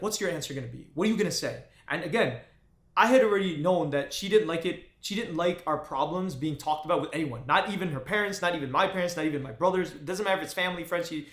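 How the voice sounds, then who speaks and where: A man's voice: on the high side, a bit bright. Man telling a raw personal story, echoey room. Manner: halting, with frequent restarts and fillers. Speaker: vlogger.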